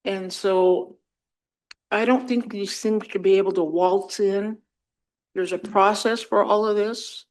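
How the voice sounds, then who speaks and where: A woman's voice: mid-range voice, fairly even intonation, a little slow, darkish tone, low-quality recording. A woman on a council, speaking firmly through a mouth brace that slurs her words and insisting on proper process. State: talking around a mouth brace, slightly slurred. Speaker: council member. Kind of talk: meeting discussion.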